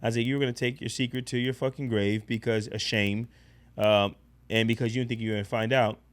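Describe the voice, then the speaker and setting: A man casually telling a personal story in a blunt, profane, animated way as a podcast guest. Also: medium pitch, fast talker.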